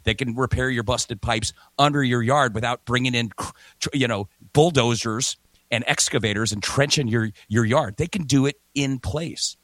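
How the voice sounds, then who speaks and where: A man's voice: medium pitch, normal speed, fairly bright tone, no room sound. A man hosting a morning radio talk show, chatting energetically and reading ads with emphatic repetition. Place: remote broadcast from a hotel or home setup.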